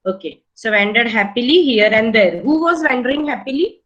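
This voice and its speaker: A woman's voice: a little high, lively intonation, a little fast, a bit bright, lo-fi sound. A woman teacher with an Indian English accent running a reading class, patiently repeating instructions and prompting pupils word by word.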